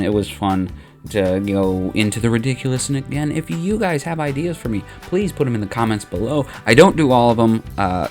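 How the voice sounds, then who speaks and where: A man's voice: fairly low pitch, darkish tone. A man hosting his own channel, narrating a comedic story in a casual, wry way.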